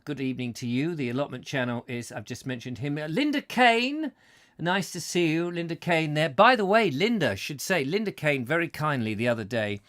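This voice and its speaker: A man's voice: medium pitch, fairly bright tone. A man hosting a live chat show, reading out viewers' messages with playful jokes and silly voices. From England. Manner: playful, jokey, slips into silly voices and sound effects.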